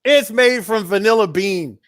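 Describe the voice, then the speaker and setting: A man's voice: high-pitched, unhurried, fairly bright tone. A man hosting a casual podcast chat, laughing easily and answering with short replies.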